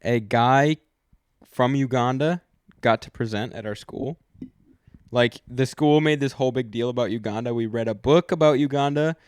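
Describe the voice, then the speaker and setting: A man's voice: medium pitch, moderate pace, a little mellow, smooth, no room sound, studio quality. A young man co-hosting a podcast, rambling and joking in casual chat, often trailing off and restarting. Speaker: podcast co-host.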